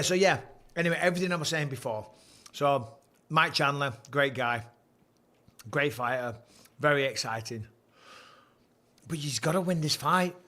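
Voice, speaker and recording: A man's voice: mid-range voice, pushed and bright. A man in his forties hosting a casual fight-night livestream, boisterous and jokey, swearing freely. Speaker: livestream host.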